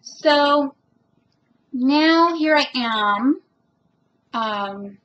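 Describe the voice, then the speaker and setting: Her voice is high-pitched, expressive, fairly bright and extremely slow as she vlogs about her spiritual journey. It's a reflective, rambling monologue full of ums and restarts, openly emotional by her own description, captured in a dull lo-fi home recording.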